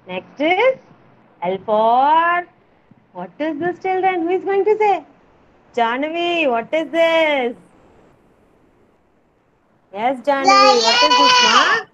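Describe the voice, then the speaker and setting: A woman teaching letter sounds to small children in an online class, slow and coaxing, repeating words for them. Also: very high-pitched, very animated, noisy background. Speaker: kindergarten teacher. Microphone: video call. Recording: dull lo-fi video call audio.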